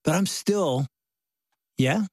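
A man's voice: a little high, animated, slow pace, no echo, clean studio sound. A man hosting a Christian talk show, who reads passages aloud with emphasis and asks his guests questions.

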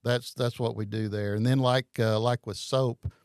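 A man explaining a Bible study method in casual chat, halting and hesitant with many fillers. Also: mid-range voice, fairly even intonation, darkish tone, clean tone, dry recording, clean studio sound.

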